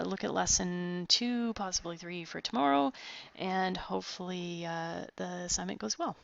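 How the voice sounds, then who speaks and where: In an online math lesson, a female tutor guides students through problems one step at a time, cheering them on as she goes. Her voice is fairly low, gravelly, and fairly bright, and she talks briskly. The sound is a dull, dry close recording with no echo.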